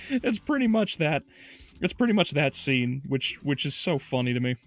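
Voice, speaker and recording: A man streaming a game, chatting casually with his viewers, swearing freely and laughing often as he plays. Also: a little high. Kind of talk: casual gameplay commentary.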